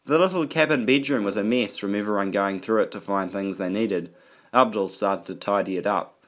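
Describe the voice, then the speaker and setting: A man reading an audiobook aloud in a steady, even storytelling manner. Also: on the low side, normal speed. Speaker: audiobook narrator. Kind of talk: audiobook narration.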